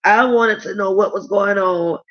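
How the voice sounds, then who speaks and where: A woman's voice: medium pitch, unhurried. A middle-aged woman hosting a casual live stream, chatting candidly and reading viewer comments aloud. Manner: chatty, candid, rambling with restarts. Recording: dull lo-fi sound.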